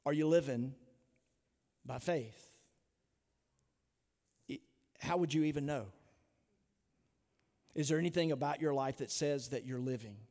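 A pastor delivering an earnest, emphatic sermon full of rhetorical questions. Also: male voice, a little high, a little mellow, big-room sound. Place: church sanctuary.

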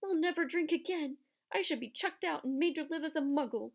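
A woman voicing a huge grieving groundskeeper who sobs loudly in remorse. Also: brisk, vocal fry. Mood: sobbing remorse. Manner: sobbing, loud and high.

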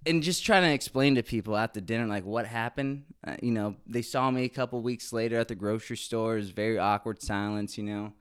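A man's voice: on the low side, a little fast, hardly any pauses, clear, resonant tone. A man in his late twenties telling a candid, crude, comic story with lots of swearing in a casual monologue. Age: 20s. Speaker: podcast host.

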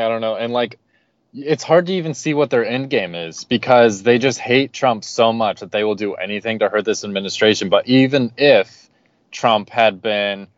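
A man with a low voice is a guest on a political podcast and argues his case steadily and earnestly. The recording is dry and dull, with little room sound. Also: no room sound. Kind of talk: casual political podcast chat.

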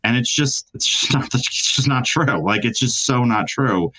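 A man talking as a reporter guest in a casual interview, indignant and halting, with many restarts. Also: mid-range voice, animated, bright, forceful tone, slightly rough, no room sound, rough recording. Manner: hesitant, full of restarts, indignant.

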